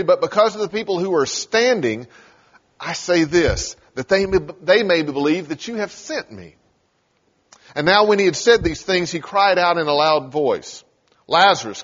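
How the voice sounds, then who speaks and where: Preacher in an echoing hall, lively pitch. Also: male voice. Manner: storytelling, acting out scripture scenes. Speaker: pastor. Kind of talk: sermon. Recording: dull sound in a large reverberant hall.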